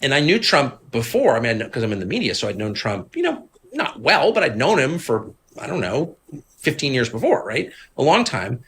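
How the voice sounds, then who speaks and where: A man in his fifties, a guest in a conversational interview, who tells stories with animated, mocking impressions of other people. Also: moderate pace, a little hiss or hum. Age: 50s. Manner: animated storyteller, acts out others in high mocking voices. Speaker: interview guest, media figure.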